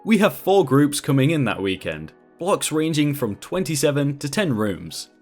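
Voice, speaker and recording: Lively man reading Reddit stories. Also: fairly high pitch, moderate pace, faint music behind. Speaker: host.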